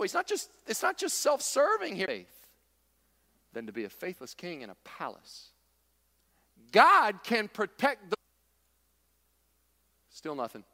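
A man's voice: sits high, a bit bright, big-room sound. A man preaching a sermon, emphatic and repetitive, with folksy humor. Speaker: pastor.

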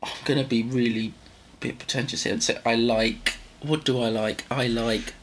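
A man's voice: mid-range voice, fairly even intonation, moderate pace, a little hiss or hum. A man co-hosting a podcast, talking in rambling, self-interrupting casual chat. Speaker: podcast co-host.

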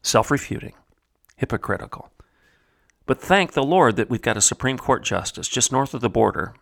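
A man from Oklahoma delivers a commentary monologue in a plain, mid-pitched voice. He builds emphasis by repeating phrases, rising in pitch as he presses a point. Then he sinks low and hushed to show disdain. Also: very animated, brisk, creaky. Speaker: podcast host.

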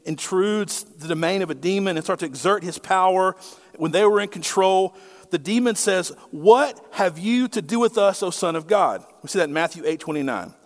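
A man in middle age gives a sermon with a lively, swooping delivery, his voice sitting high for a man. He talks to the congregation in a conversational way, tossing out rhetorical questions. A long reverb trails after his words in the church. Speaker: pastor.

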